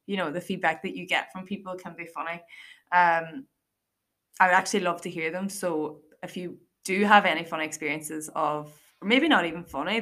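Irish female podcast host, young adult, loose chatty delivery, voice sitting a touch low. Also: a bit bright. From Ireland. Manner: chatty, lots of fillers and quoted asides. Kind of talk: casual solo podcast monologue.

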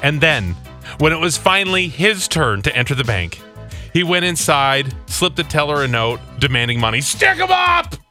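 A man hosting a radio show, telling stories with animated enthusiasm. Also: medium pitch, moderate pace, faint music behind. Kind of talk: casual radio banter.

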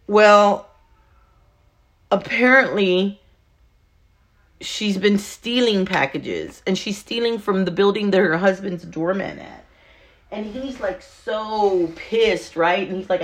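A woman's voice: mid-range voice, a bit bright. A woman, telling a personal story in a casual, candid way and swearing freely. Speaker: vlogger.

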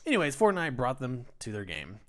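A man's voice: medium pitch, wildly swooping pitch, brisk, fairly bright tone. A man co-hosting a podcast in casual chat, heated and profane as he talks. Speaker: podcast co-host.

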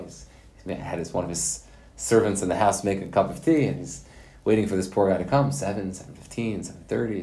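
A man who teaches at a yeshiva, giving a Torah lesson in a folksy, animated storytelling manner, with Hebrew and Yiddish terms mixed in. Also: low-pitched. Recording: roomy echo.

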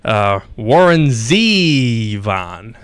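A radio host from Western New York with that regional accent, bantering casually and laughing often. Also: male voice, mid-range voice, big pitch swings, drawn-out words, smooth, no echo.

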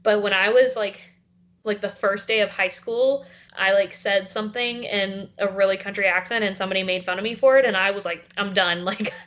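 Young woman, light Southern accent, bright tone, casual podcast chat, filler-heavy. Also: mid-range voice, a little fast, muffled recording. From South Carolina. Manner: animated, many "like" fillers. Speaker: podcast co-host.

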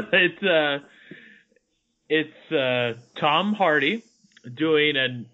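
Slow, bright-voiced man on a dull mic. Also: on the high side, expressive. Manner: hesitant, laughing, halting. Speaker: podcast co-host. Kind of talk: casual chat. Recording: dull lo-fi sound.

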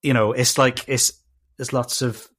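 A man's voice: medium pitch, level tone, a little slow, a bit bright, slightly rough. A man with a South Welsh accent, a guest on a casual podcast, talking with many fillers and restarts. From Wales.

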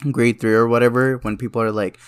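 A young man co-hosting a casual chat, swearing often and laughing through animated banter. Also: medium pitch, quick pace, clean tone. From South India. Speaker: podcast co-host.

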